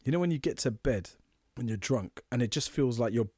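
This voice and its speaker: A man co-hosting a podcast, telling animated stories and laughing often. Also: mid-range voice, fairly quick, slightly rough, no echo, clean studio sound. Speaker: podcast co-host. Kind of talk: casual chat.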